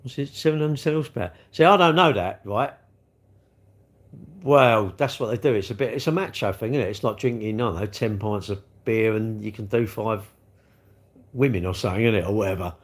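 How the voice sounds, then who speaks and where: A man's voice: fairly low pitch, a little fast. A middle-aged man, rambling chattily on his livestream and reading out viewer comments. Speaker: livestream host. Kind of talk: casual livestream chat.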